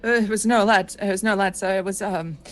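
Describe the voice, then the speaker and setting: A woman's voice: medium pitch, steady tone, brisk, lightly acted. A terrified young deckhand gunner from a pirate tabletop game, voiced by a woman. He stammers, trips over his words and keeps repeating himself, as if he can't shake what he saw. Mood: fearful, rambling.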